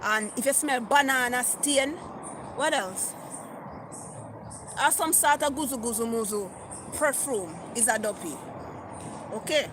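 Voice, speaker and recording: A woman's voice: a little high, measured pace, pauses often, background noise. A middle-aged woman with a Jamaican accent, chatting on a live stream and reading viewer comments aloud. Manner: chatty, reads comments aloud, mixes patois. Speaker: vlogger. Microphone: phone.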